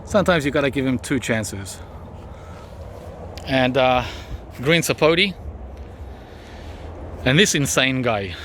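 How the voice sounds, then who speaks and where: A man's voice: medium pitch, lively intonation, slow, pauses often, fairly bright tone. Aussie bloke rambling thru his garden outside, lots of ums, pointing stuff out, medium voice, bit of faint noise. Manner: chatty, rambling, pointing things out with frequent ums. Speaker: gardening vlogger. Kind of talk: casual garden walkthrough. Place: outdoors in a backyard garden.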